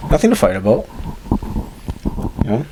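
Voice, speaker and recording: A man in his twenties co-hosting a podcast, casually telling a personal story in an animated way with lots of fillers. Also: medium pitch, normal speed, slight background noise. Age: 20s. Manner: animated, acts out quoted voices, many fillers. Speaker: podcast co-host.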